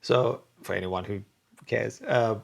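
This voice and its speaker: Brief: man hosting, gravelly voice, teasing and playful. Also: fairly low pitch, slow pace. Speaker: host. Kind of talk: casual interview.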